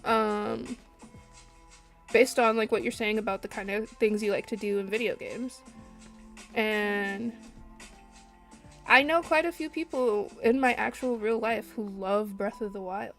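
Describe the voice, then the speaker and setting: A woman chatting casually to her live-stream audience while she draws, animated and laughing at herself. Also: medium pitch, measured pace, pauses often. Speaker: artist streaming while drawing. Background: faint lo-fi music.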